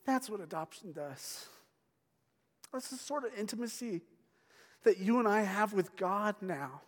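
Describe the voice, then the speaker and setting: A middle-aged man preaching a sermon as pastor, telling a personal story with halting restarts and sounding tearful. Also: high-pitched, animated. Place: church sanctuary. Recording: long hall reverb.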